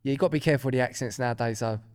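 A man's voice: medium pitch, racing, darkish tone. A young man co-hosting a podcast, chatty and hedging, swearing now and then in casual banter. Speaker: podcast co-host.

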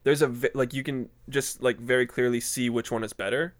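A young man chats on a casual podcast, feeling his way through his thoughts with frequent fillers and restarts. His voice sits at an ordinary middle pitch and sounds dry and close, with no room echo. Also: steady tone, a little fast. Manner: hesitant, many fillers and restarts. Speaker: podcast co-host. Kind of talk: casual chat.

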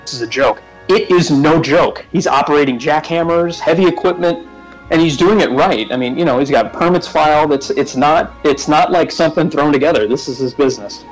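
A man co-hosting a casual podcast, rambling and jokey, quick to mock himself. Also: on the high side, faint music behind, rough recording. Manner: jokey, rambling, self-mocking. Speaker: podcast co-host.

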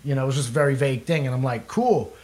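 A man's voice: medium pitch, steady tone, very fast, darkish tone. A young man, a musician, telling a long rambling story in casual chat, swearing freely and laughing often. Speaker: guest musician.

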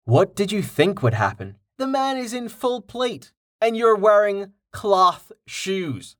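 A man's voice: sits high, big pitch swings, slow, a bit bright, voice pushed up, exaggerated voice. A man voicing a sarcastic young adventurer in an audiobook, with a raised, quipping delivery. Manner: dry, sarcastic quips. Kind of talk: audiobook character voice.

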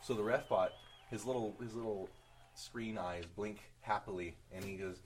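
A man narrating as game master of a tabletop game in an animated, chatty way. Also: lowish voice, moderate pace, a little hiss or hum, rough recording. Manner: animated, chatty, laughs often.

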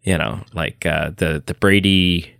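A man's voice: low-pitched, steady tone, measured pace, creaky, fairly bright tone, dry recording. A man co-hosting a podcast while sick with a head cold, chatting casually with rambling, self-interrupting dry jokes. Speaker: podcast co-host. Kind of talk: casual chat.

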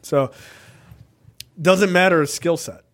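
Here the man talks slowly, his voice sitting a little high. As a podcast co-host he rambles about politics in a profane, lively way, peppering it with "right?".

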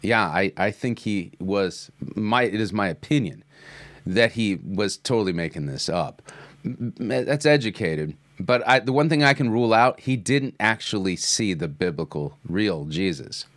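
A man hosting a podcast, commenting on a played clip and reading Bible passages aloud with pauses and restarts. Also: fairly low pitch, animated, a bit bright, dry recording. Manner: reacts to clips, reads Bible passages aloud. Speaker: podcast host.

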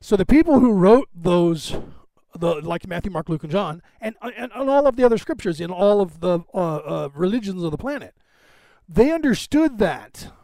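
A man's voice: sits high, lively intonation, normal speed, dark tone. A man hosting a podcast, talking in a digressive, self-assured casual monologue full of asides and tangents. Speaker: podcast host.

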